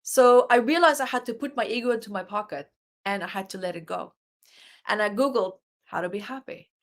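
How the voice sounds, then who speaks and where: A woman's voice: mid-range voice, fairly quick. A woman guest, an author and life coach, earnestly telling a personal story in an interview and acting out her own inner dialogue.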